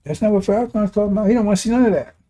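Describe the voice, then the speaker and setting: A man preaches on scripture in a colloquial, impassioned style, reading passages aloud and tossing in mocking asides. His voice is high and mellow, and he talks at a racing pace.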